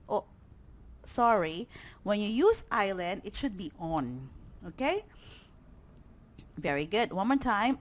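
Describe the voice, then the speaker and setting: A woman teaching English vocabulary to students, often checking in with "okay?" and praising answers. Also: fairly high pitch.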